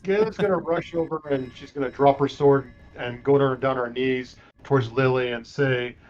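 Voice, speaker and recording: A man who is a player in a tabletop game, describing his character's actions in an emotional, halting way. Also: mid-range voice, darkish tone, highs cut off.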